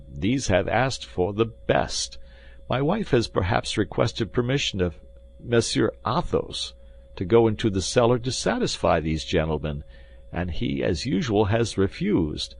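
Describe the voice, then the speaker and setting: Casting: male reader doing an anxious, fretful innkeeper, lively pleading voice. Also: on the low side, unhurried, gravelly, breathy edge, pitched above the performer's own voice, exaggerated voice.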